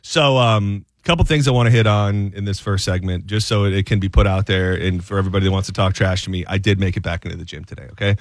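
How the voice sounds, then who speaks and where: A man hosting a radio show, chatting casually and telling rambling, animated stories. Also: low voice, no echo, clean studio sound. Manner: fast, rambling, animated storytelling. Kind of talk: casual talk radio banter. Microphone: studio mic.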